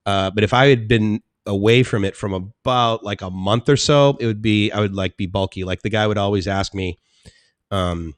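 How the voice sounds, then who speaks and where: A man's voice: fairly low pitch, steady tone, moderate pace, dry recording, studio quality. A man hosting a casual live stream, chatting in a rambling way and laughing often as he reads out chat comments.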